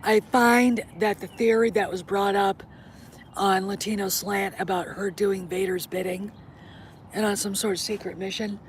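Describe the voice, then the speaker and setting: A woman's voice: mid-range voice, steady tone, normal speed. A middle-aged woman talks straight to her audience in a casual vlog, blunt and opinionated, with swearing scattered through her talk. Her voice sits in a middle range. A faint hiss of background noise runs under the recording. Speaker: host.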